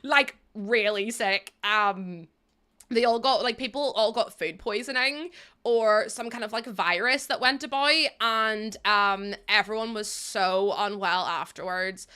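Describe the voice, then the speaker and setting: This woman from Ireland talks a little slowly while livestreaming a game, her medium-pitched voice smooth yet sharp in tone. She's chatty and rambling, laughing often as she responds to viewers.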